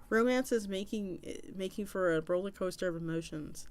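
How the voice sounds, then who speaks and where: A woman's voice: mid-range voice, moderate pace, darkish tone. Woman reading an online story aloud. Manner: plain reading with small slips and restarts. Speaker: streamer reading an internet story.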